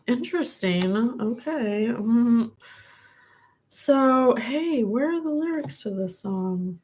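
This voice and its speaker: Breathy gushing woman psychic host. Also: a little high, expressive, slow, darkish tone, rough recording. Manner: gushing, rambling, laughs often. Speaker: psychic reader and podcast host. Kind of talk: casual spiritual talk to camera.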